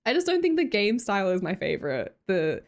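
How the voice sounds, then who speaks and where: A young Australian woman chatting casually on a livestream, bubbly and quick to laugh, answering chat as she goes. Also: mid-range voice, huge pitch swings, vocal fry. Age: young adult. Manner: bubbly, laughs often, reads chat aloud.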